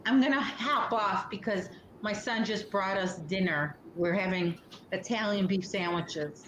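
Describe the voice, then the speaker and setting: A woman's voice: mid-range voice, unhurried, noisy background. A woman and mother chatting on a video call, friendly and a little hesitant as she explains. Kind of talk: casual video call chat.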